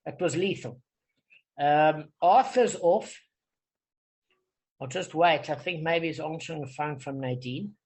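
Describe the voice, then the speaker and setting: A man's voice: a little high, a little slow, long pauses, a little mellow, poor audio. A man leading an informal online study group, explaining texts patiently and checking in with "okay?". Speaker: Talmud study leader.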